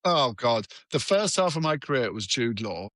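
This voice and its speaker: A man's voice: mid-range voice, sing-song, normal speed, fairly bright tone, dry recording. A middle-aged man, a guest telling rambling, self-deprecating stories with lots of restarts. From England. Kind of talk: casual chat.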